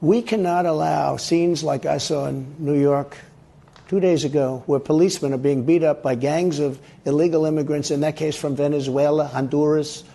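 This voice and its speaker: A man in a played interview clip speaking bluntly and repetitively with a gravelly voice. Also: fairly high pitch, steady tone, moderate pace, warm tone.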